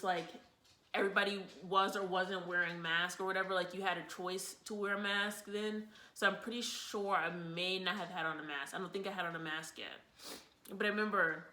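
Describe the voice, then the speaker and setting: A woman's voice: medium pitch, bright, forceful tone. A young woman vlogger telling a personal story in a rambling, casual way, with lots of fillers and repeats. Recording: echoey room.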